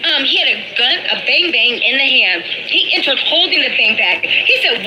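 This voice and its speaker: A woman's voice: high-pitched, moderate pace, hardly any pauses. A woman casually recapping court gossip, animatedly acting out quotes and chuckling as she goes. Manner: animated retelling, acts out quotes, chuckles often. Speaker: commentator recapping trial news. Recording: noisy background.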